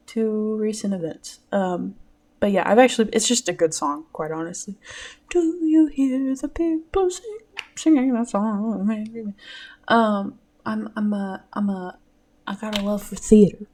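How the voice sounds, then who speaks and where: A woman's voice: medium pitch, a little mellow. A nineteen-year-old woman hosting her own podcast, chatting casually, rambling with frequent giggles and casual swearing. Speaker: podcast host. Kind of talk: casual solo podcast chat.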